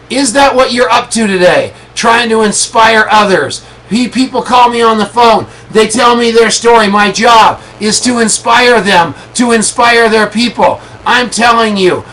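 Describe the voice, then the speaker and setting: A middle-aged network marketing leader hosts a motivational call, giving an emphatic, preachy pep talk and repeating his lines for effect. His voice is high and a bit bright, and the recording is rough.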